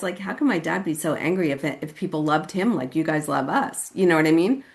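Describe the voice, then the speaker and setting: A Californian woman tells her own recovery story at a meeting in a loose, conversational way, sprinkling in "like" and "you know what I mean." When she quotes people, she acts out their voices, jumping suddenly to a high pitch.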